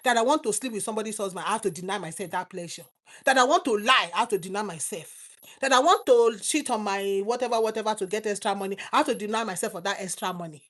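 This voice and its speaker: A middle-aged Nigerian woman preaching a fervent sermon to online viewers, swinging between loud exclamations and low asides. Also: quick pace.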